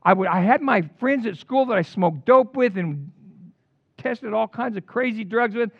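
An older man preaching a sermon in an animated storytelling way, with casual slang. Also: high-pitched, moderate pace, vocal fry, dry recording. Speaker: pastor. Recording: dull lo-fi dry recording.

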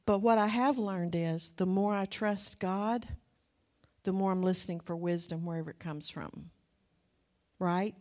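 A woman's voice: fairly low pitch, a little slow, darkish tone. A woman in her sixties preaching a conversational sermon, chatty and putting questions to her listeners. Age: 60s. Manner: chatty, asks the audience questions.

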